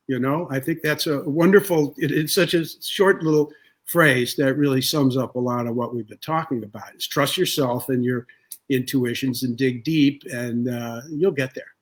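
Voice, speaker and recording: A man being interviewed as a guest author, telling stories in an unhurried, thoughtful way with many pauses. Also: medium pitch. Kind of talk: relaxed storytelling in an interview.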